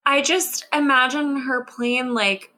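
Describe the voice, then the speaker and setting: A woman co-hosting a podcast, listening to a story with animated gasps and quick reactions. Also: high-pitched. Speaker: podcast co-host. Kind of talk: casual chat, reacting to a story.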